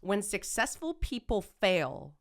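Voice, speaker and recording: An actress as a podcast guest, talking in a rambling, animated way and often correcting herself mid-sentence. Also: female voice, medium pitch, takes it slowly, creaky. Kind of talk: casual conversational interview.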